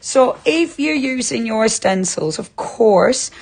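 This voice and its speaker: A woman's voice: a little high, lively intonation, takes it slowly, gravelly, darkish tone. A woman presenting a live craft demonstration on a shopping channel, chatty and effusive, greeting viewers by name. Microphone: earpiece with producer talkback.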